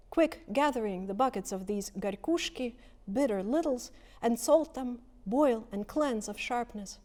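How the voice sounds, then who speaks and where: A woman poet reading her verse slowly and deliberately, leaning hard on single words. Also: mid-range voice, dark tone. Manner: measured, emphatic, lingering on single words. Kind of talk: poetry reading.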